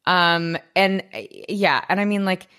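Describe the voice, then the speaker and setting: A woman's voice: lowish voice, measured pace, a bit bright. A woman co-hosting a podcast, chatting casually and animatedly, swearing and acting out lines in mock voices. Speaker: podcast co-host. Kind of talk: casual recap chat.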